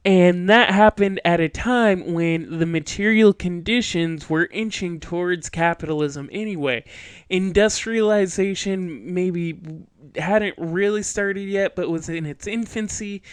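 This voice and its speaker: A man's voice: sits high, clear, resonant tone, dry recording. A man hosting a solo political commentary segment, casual and sardonic, with filler words as he explains. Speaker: host.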